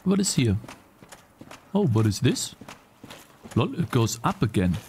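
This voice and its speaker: Lively young man streaming a game. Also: medium pitch, unhurried, creaky, slight background noise. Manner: swears and yells at the game, then apologizes. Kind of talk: live gameplay commentary.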